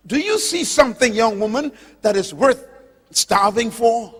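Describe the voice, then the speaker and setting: A man preaching with a high, lively voice that leaps between soaring declarations and low, drawn-out words. He puts pointed questions straight to his listeners. His voice rings with long reverb through a large auditorium. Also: slightly rough. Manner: impassioned, emphatic, swings from loud declarations to low slow drawn-out words; addresses listeners directly with questions. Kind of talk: sermon.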